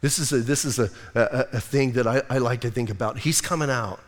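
A male pastor preaching a sermon in a church sanctuary, telling a Bible story in a casual, animated, conversational way. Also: medium pitch, fairly quick, hardly any pauses. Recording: long hall reverb.

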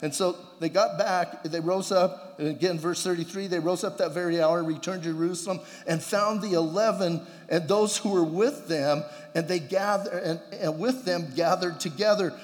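A man preaching a sermon as a pastor, talking in a conversational, animated way and acting out quoted dialogue, recorded in a church. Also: high-pitched, normal speed, hardly any pauses, in a large hall.

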